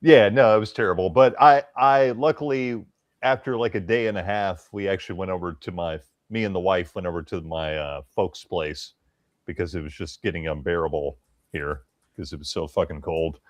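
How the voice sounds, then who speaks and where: Very low-voiced man from Tennessee. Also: normal speed, dry recording. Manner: rambling, repeats words, swears casually. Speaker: guest. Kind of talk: casual chat.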